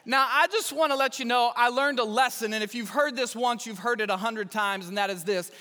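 A man's voice: very high-pitched, brisk, hardly any pauses, bright, forceful tone. A male pastor giving a sermon with stories and self-deprecating humor, speaking in a large church hall. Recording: reverberant hall.

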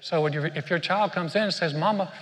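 A man's voice: on the high side, fast talker, fairly bright tone, in a large hall. An older man preaching a sermon in a conversational way, often repeating words as he restarts his sentences. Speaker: pastor.

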